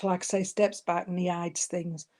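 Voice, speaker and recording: A woman's voice: on the low side, level tone, moderate pace. A woman medium passing on spirit messages at a service, calling people love and sweetheart. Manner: warm terms of endearment, giving messages. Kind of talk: spiritualist demonstration.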